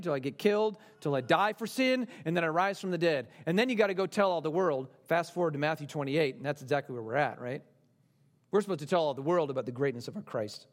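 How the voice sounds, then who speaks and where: A man preaching a sermon in a voice pitched a touch high. He is earnest and conversational, posing questions to his listeners, and he rises to emphatic peaks before falling to soft, quiet passages. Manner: earnest preaching, rising to emphatic then dropping soft and low; conversational asides and rhetorical questions. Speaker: pastor.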